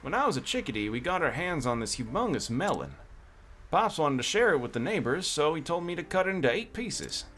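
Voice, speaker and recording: A man's voice: fairly high pitch, big pitch swings, a little fast, fairly bright tone, slight background noise. A man voicing a cheerful male cowboy merchant from a game, in a put-on country drawl. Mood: folksy. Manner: folksy storytelling.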